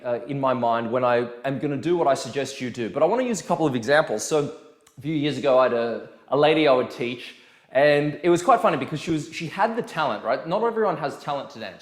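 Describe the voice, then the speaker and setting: A man coaching dance talks straight to his viewers in a chatty, animated way, acting out bits of conversation as he tells his stories. His voice sits a little high for a man. The room around him rings with noticeable echo. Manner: chatty, animated storytelling with quoted dialogue. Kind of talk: casual video lesson.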